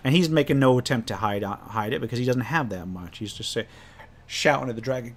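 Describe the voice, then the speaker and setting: A man with a mid-range voice talks briskly about a tabletop game he ran as game master. It's casual storytelling that rambles, with frequent self-corrections and restarts.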